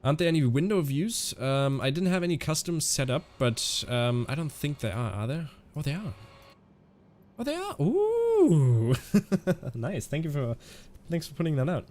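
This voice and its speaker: A man streaming a flight simulator, chatting casually in a halting way and answering viewers' questions as he flies. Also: on the high side. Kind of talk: casual live-stream commentary.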